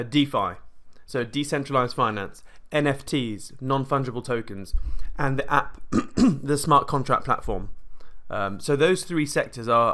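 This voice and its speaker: A British man hosting a casual live screen-share tutorial on crypto trading, rambling and chatty, often correcting himself mid-sentence and clearing his throat. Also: mid-range voice, fairly bright tone.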